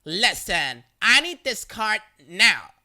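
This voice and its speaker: A narrator voicing a rude, entitled woman shopper who scolds and makes demands loudly, with a lively, bright voice. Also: medium pitch, measured pace, heavily acted. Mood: demanding.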